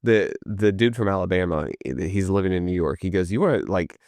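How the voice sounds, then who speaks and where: A man from East Tennessee, co-hosting a casual podcast chat and telling animated stories peppered with "like." His low voice sits close and dry on the mic. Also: a little fast, no room sound. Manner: animated storyteller, lots of "like". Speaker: podcast co-host.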